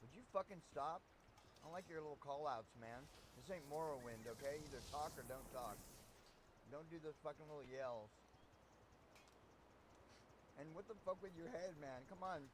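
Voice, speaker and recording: Foul-mouthed streamer ranting at a game. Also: male voice, normal speed, pauses often, background noise. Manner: profane, ranting at game characters; drops into low muttering asides. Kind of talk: live game commentary. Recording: voice over loud game music.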